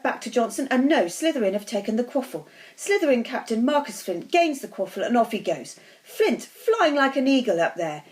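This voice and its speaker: A woman reading aloud and voicing a cheeky, excitable schoolboy commentating on a match, her voice climbing as the play heats up. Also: a little high. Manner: fast, rising with excitement. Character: boy student sports commentator, cheeky and excitable.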